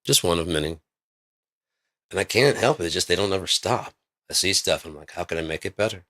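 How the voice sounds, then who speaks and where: A man with a very low voice and a forceful, tense edge talks in a loose, rambling vlog monologue. He swears freely and builds excitement as he spins out one idea after another. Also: a little fast. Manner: rambling, profane, excitable storytelling. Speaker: vlogger.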